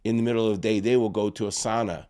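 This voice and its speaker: A man's voice: fairly low pitch, fairly even intonation, very fast, a little mellow, smooth. A man, a pastor and life coach, giving earnest advice in an interview, often restarting phrases and checking in with "right?". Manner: earnest, repeats himself and restarts phrases, tags points with "right?".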